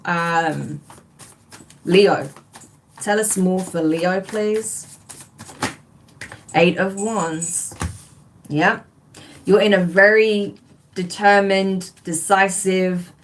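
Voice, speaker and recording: A woman reading tarot on a live stream, gushing and enthusiastic as she talks straight to her viewers. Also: medium pitch. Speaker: tarot reader.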